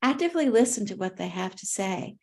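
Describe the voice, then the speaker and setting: Middle-aged woman presenter, gentle and conversational, mid-range voice, speaking to caregivers at a workshop. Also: medium pitch, sing-song, brisk, gravelly. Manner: gentle, conversational, with fillers and restarts. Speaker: workshop presenter on grief care.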